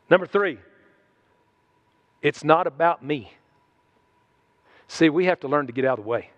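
A man's voice: on the high side, lo-fi sound. A man preaching a sermon in a folksy, conversational way, mixing in humor.

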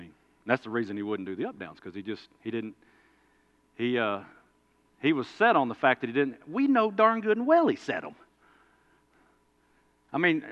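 A man, a preacher and coach, telling a story in a folksy sermon that swings from loud to quiet. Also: medium pitch, muffled recording.

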